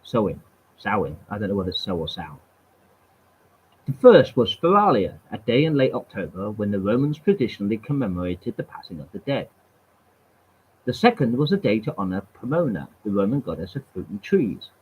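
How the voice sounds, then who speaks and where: A man's voice: on the low side, very animated, fairly quick, a little hiss or hum. A man reading history aloud from webpages, stumbling and repeating words, with wry casual asides. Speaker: channel host. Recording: tinny phone-like sound.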